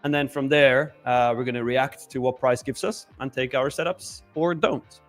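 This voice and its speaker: A man's voice: medium pitch, moderate pace, soft background music. A man co-hosting a live trading stream, giving casual market commentary and thinking aloud with fillers.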